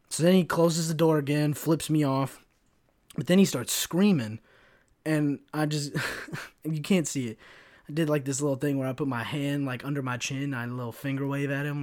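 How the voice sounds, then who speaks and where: A man in his twenties tells stories on his podcast in a profane, sarcastic and animated way. His voice has a middling pitch. The recording is dry and close to the mic. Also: brisk, no room sound. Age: 20s. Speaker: podcast host. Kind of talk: casual storytelling monologue.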